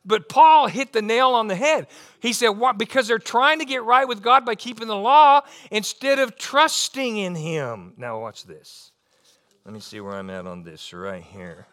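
A middle-aged man preaching a sermon, animated, often restarting and repeating words. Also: sits high, unhurried. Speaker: pastor.

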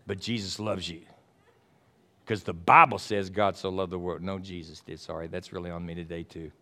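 A man from Texas with a Texan accent preaching a sermon as pastor, swinging between loud fervent passages and quiet asides. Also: low voice, steady tone, normal speed.

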